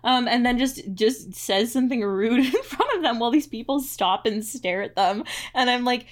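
A woman's voice: on the high side, expressive, normal speed. Rambling woman podcast co-host. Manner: rambling, lots of "like" fillers. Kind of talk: casual recap chat.

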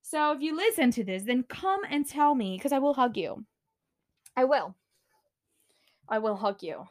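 A young woman hosting a casual solo podcast, ranting loudly with swearing and sudden screams while tidying her room. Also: high-pitched, lively intonation, unhurried. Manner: swearing, loud outbursts and screaming. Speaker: podcast host.

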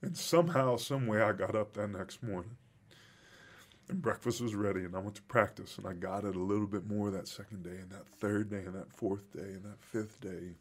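A man's voice: on the low side, a little fast. A middle-aged man, a guest telling a personal story in an earnest, reflective way, emotional at times.

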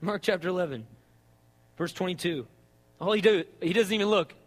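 A man preaching a sermon in an animated, conversational way, often checking in with "right?". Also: high-pitched, brisk, big-room sound.

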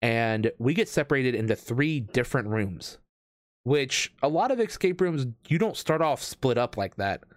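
A man's voice: medium pitch, normal speed, no echo. Rambling casual man, dry close sound. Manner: rambling, animated, lots of fillers and restarts. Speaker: escape room game host. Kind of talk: casual storytelling chat.

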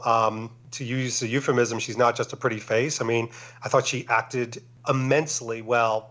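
A man's voice: medium pitch, fairly bright tone. Enthusiastic man chatting as a guest. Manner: enthusiastic, rattles off lists. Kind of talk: casual chat.

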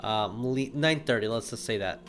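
A man narrating as game master for a tabletop game, relaxed and full of fillers. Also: medium pitch, normal speed, faint music behind.

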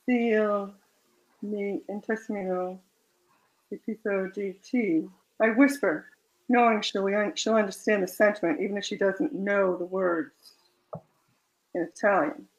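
A woman author reading her own romance fiction aloud in a soft, measured way, then chatting about the story. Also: medium pitch, fairly even intonation, rough recording.

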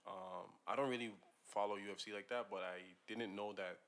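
Chill podcast dude giving shout-outs, low-ish voice but bright. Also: male voice, steady tone, fairly quick. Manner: easygoing and upbeat, gives shout-outs. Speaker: podcast co-host. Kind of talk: casual sports chat.

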